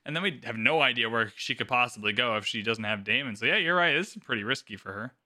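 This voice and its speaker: A man's voice: mid-range voice, fast talker. A man co-hosting a podcast, chatting casually and animatedly about a TV episode, swearing freely and filling his talk with "like". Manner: animated, swearing, lots of filler "like". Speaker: podcast co-host. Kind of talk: casual chat recapping a TV episode.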